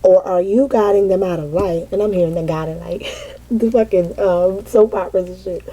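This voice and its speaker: A middle-aged mother telling a candid, casual personal story, animated and peppered with cursing. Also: on the low side, normal speed, poor audio. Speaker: mother sharing parenting experience.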